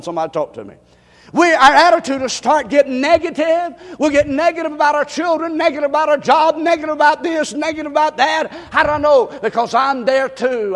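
High-voiced preacher shouting in a hall. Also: male voice. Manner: preaching with repetition, swinging from shouts to hushed tones. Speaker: pastor. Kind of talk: sermon. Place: church sanctuary. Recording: long hall reverb.

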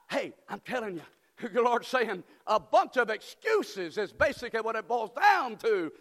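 Fervent preacher man, high lively voice. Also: measured pace. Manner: fervent preaching that builds to repeated shouts. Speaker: pastor. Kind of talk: sermon. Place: church sanctuary. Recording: long hall reverb in a church.

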